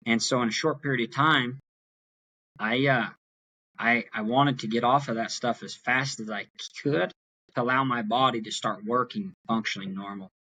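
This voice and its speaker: A young man as a podcast guest, earnestly retelling a personal story in an animated way. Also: mid-range voice, normal speed, slightly rough. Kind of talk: storytelling in an interview.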